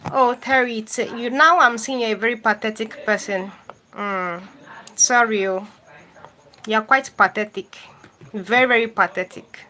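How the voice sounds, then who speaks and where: A woman's voice: fairly high pitch, steady tone, a little slow, bright, forceful tone, low-quality recording. A woman hosting a live stream, reading viewer comments aloud and answering them directly, repeating phrases for emphasis. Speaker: YouTube host reading live chat.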